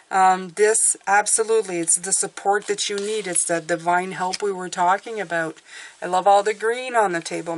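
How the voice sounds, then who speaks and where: A middle-aged woman giving a casual tarot reading, chatty and reassuring, often checking in with "okay?". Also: mid-range voice. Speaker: tarot reader.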